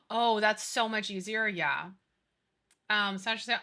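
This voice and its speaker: Woman streamer, thirties, very bright voice, lively swooping pitch, giggly casual chat. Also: a little slow. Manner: animated, giggly, gushing.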